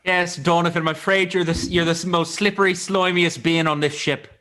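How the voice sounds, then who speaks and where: A man voicing an awkward, threatening male starship captain in an improvised sci-fi comedy scene, talking briskly and officiously. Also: high-pitched, steady tone, sharp tone. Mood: commanding.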